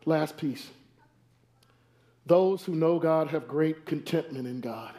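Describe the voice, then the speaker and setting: Man, pastor, sermon, high-pitched, animated, rhetorical questions, church, miked. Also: takes it slowly. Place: church sanctuary. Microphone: wears a microphone.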